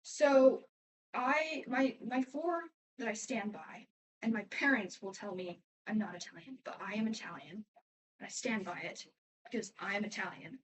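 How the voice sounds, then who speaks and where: A woman's voice: mid-range voice, normal speed, recorded from a distance, a little hiss or hum, poor audio. A teenage girl answering fan questions in a casual, rambling way, often trailing off and restarting. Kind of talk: casual chat.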